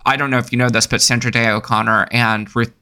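Brief: male podcast co-host, wry and deadpan, sharp bright tone. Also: medium pitch. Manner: wry, deadpan jokes with halting restarts. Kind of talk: casual podcast chat.

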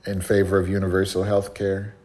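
Man, lowish voice, dry sardonic storyteller, casual podcast banter. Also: fairly quick. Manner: sardonic, animated storyteller who mimics voices. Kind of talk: casual chat, telling a story.

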